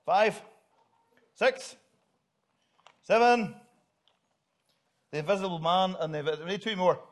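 A man's voice: sits high, a little slow. A middle-aged man, giving a jokey, upbeat children's talk in church and directing volunteers. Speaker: pastor.

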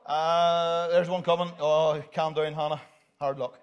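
A man's voice: a little high, fairly even intonation, a little slow. A middle-aged man, giving a jokey, upbeat children's talk in church and directing volunteers. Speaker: pastor.

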